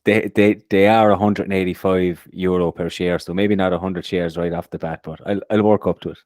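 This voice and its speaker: A man's voice: low voice, little pitch movement, a little fast, a little mellow, dry recording, clean studio sound. A man co-hosting a casual podcast, upbeat and prone to repeating words as he starts a sentence. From Ireland. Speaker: podcast co-host. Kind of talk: casual chat.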